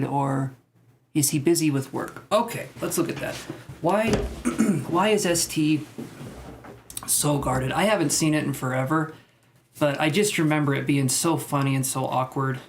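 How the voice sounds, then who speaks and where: A tarot reader on a live stream speaks at a measured pace in a fairly high voice, with a little hiss or hum in the audio. Between cards he chats loosely, joking and rambling off into asides to viewers.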